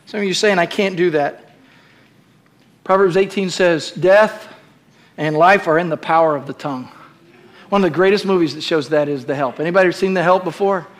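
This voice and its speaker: A man preaching a sermon as pastor, calling out to the congregation and building to shouted climaxes in a church. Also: high-pitched, normal speed, pauses often. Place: church sanctuary.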